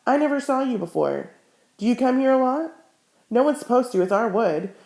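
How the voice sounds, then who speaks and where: A woman's voice: on the high side, animated, normal speed, gravelly, a little mellow, voice pushed up. A woman reading aloud the lines of a curious, stubborn ten-year-old girl in a storybook, asking question after question. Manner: eager, persistent questioning.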